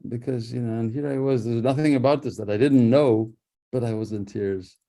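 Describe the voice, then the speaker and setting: A man with a mellow, warm voice talks as an author guest in a radio interview. He answers thoughtfully, often restarting his sentences and laughing softly. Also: mid-range voice, steady tone, a little fast. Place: radio studio.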